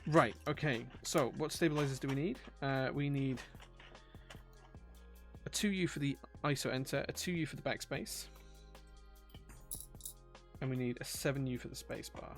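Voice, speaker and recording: Guy in his 40s chatting on stream, gravelly voice, bit of music behind. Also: mid-range voice, moderate pace, pauses often, a bit bright. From England. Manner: chatty, self-deprecating, reads chat aloud. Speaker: streamer building a keyboard. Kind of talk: casual live-stream chat.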